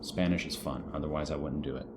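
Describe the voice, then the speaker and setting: A man's voice: very deep voice, steady tone, fast, noisy background. A man teaching a Spanish lesson to students, friendly and encouraging, reading vocabulary aloud and explaining an assignment. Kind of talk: recorded online lesson for students.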